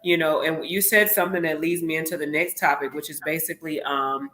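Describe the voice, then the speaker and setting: A woman hosting a podcast, speaking softly and steering the conversation. Her voice is bright and sharp, and it rings in a roomy, echoey space. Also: low-pitched, fairly even intonation, fairly quick. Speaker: podcast host. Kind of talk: casual conversation. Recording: echoey room.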